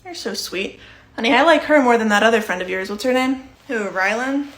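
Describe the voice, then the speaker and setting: A young woman performing short comedy sketches with a dry, matter-of-fact delivery. Her voice sits a little high. She plays every role herself and keeps a deadpan evenness from one part to the next. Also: a little fast.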